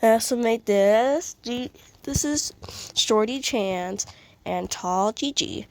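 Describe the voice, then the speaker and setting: A woman's voice: a little high, slow pace, darkish tone. A woman who has a cold, sniffling as she chats casually and apologetically while showing off her fan art. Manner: apologetic, rambling, giggly. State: sick and sniffly. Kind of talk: casual showcase chat.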